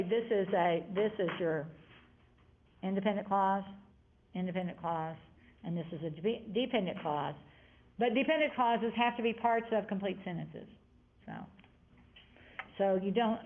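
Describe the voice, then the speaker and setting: Teacher lady going over grammar with her class, chatty, kinda rambly, thin tinny audio. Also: mid-range voice. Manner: chatty, wandering asides while explaining.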